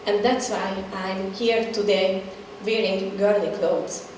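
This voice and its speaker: A woman's voice: mid-range voice, little pitch movement, takes it slowly, a little mellow. A woman telling her own story in a candid, conversational way as a scripted stage testimony, heard from a distance in a reverberant hall. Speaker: performer sharing a personal story. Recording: echoey hall, distant mic, faint noise.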